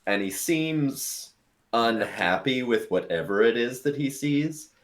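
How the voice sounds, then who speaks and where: A man narrating as game master of a tabletop role-playing game, in a relaxed, casual way with many fillers. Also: medium pitch, slow pace.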